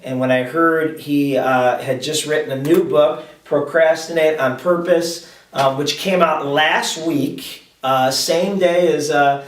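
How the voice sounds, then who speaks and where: A man hosting a podcast interview, enthusiastic and joking, talking in halting restarts, recorded in a roomy space away from the mic. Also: on the high side, fairly even intonation, a little hiss or hum. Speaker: podcast host. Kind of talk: casual interview chat. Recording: roomy echo, distant mic.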